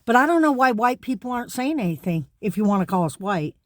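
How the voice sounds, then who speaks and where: A woman's voice: a little high, big pitch swings, quick pace, dry recording, studio quality. Indignant woman ranting to camera. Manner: indignant, emphatic, repeats words for stress. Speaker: vlogger. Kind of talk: direct-to-camera rant.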